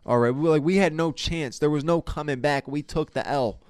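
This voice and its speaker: Speaking fairly quickly and at a fairly high pitch, a man hosting a podcast in a studio runs through a casual fight review. He sounds exasperated and profane, often stammering and restarting, and there's no echo on the recording.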